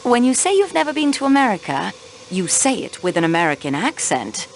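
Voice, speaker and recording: An actress playing a young railway clerk turned investigator in a mystery video game, polite but insistent in questioning. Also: female voice, a little high, big pitch swings, fairly quick, a little hiss or hum, low-quality recording. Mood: poised, probing. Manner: poised, probing, politely insistent.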